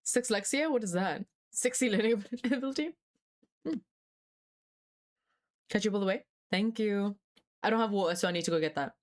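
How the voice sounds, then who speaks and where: A young woman on a live stream, talking casually to her viewers in a scattered, chatty way. She swears freely and laughs often. Her voice sits at an ordinary middle pitch. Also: normal speed, pauses often.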